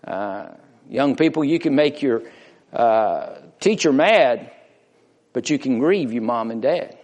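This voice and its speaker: Slow, lively male preacher in echoing hall. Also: mid-range voice. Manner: slow, emphatic preaching with rising and falling delivery. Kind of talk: sermon. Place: church.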